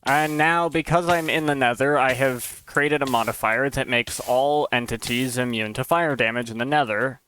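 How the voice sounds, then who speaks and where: A man with a bright, forward tone, chatting casually on a live stream while he tests his game mod. He thinks aloud as he goes, musing and sometimes unsure of what he sees. His pitch sits in an ordinary middle range. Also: normal speed, hardly any pauses, a little hiss or hum.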